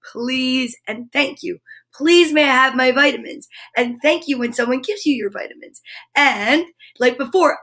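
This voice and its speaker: Bubbly high-voiced woman live-streaming. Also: fairly bright tone. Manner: bubbly, exclamatory, reads viewer comments aloud. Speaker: host of a live comedy stream. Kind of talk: upbeat live-stream chat with viewers.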